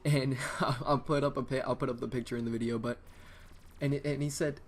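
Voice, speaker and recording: On his gaming channel, a teenage boy rambles through a casual story, excited and frequently starting over. His mid-range voice is a little fast, and the USB desktop mic picks up a little hiss or hum.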